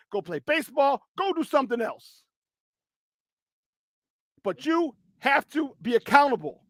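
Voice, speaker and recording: A man hosting a sports talk show, ranting bluntly and profanely with a voice strained from yelling. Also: very high-pitched, no room sound, clean studio sound. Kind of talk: sports talk radio rant.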